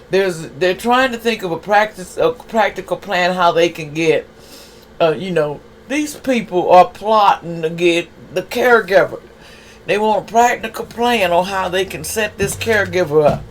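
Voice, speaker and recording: A man's voice: high voice, a little hiss or hum. A man giving a casual tarot reading for viewers, talking in a streetwise way and firing off rhetorical questions. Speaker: tarot reader.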